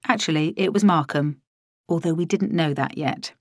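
A woman's voice: low-pitched, moderate pace, darkish tone, no room sound, clean studio sound. A woman narrating a first-person audiobook in a wry, dryly comic manner.

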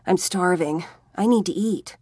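A woman's voice: on the low side, unhurried, husky, no room sound. A woman voicing a nineteen-year-old male vampire who is anxious, whiny and easily worked up in an audiobook. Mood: agitated. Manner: excitable, complaining.

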